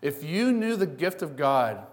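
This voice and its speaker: Emphatic preacher with hall echo. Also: male voice, a little high, sing-song, measured pace. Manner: emphatic, repetitive contrasts. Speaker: pastor. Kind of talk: sermon.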